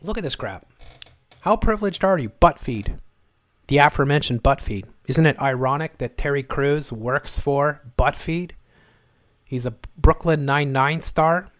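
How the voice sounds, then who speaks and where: A livestream host rants angrily and sarcastically during live commentary, circling back to the same phrases repeatedly. He sounds animated yet keeps a measured pace, his voice a little high for a man. A close, dry mic picks him up with almost no room sound.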